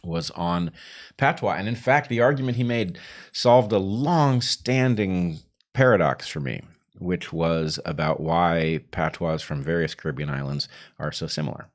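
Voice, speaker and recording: A man's voice: low-pitched, measured pace. A man co-hosting a livestream podcast, talking in a musing, wry and playful way. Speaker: podcast co-host. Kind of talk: casual livestream conversation.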